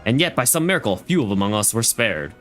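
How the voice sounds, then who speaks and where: A man's voice: medium pitch, sing-song, quick pace, fairly bright tone, soft background music, pitched below the performer's own voice. A man reading a stern female fleet admiral's dialogue aloud from a game, stumbling over names and lines as he goes. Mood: solemn.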